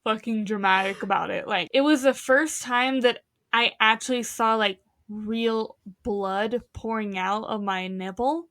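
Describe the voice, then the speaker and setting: A young woman with a high voice co-hosts a casual podcast, telling her stories with drama and plenty of swearing. She acts out what others said as she goes. The sound is dry and close to the mic. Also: a little slow, few pauses, a bit bright, no room sound. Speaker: podcast co-host. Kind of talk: casual chat.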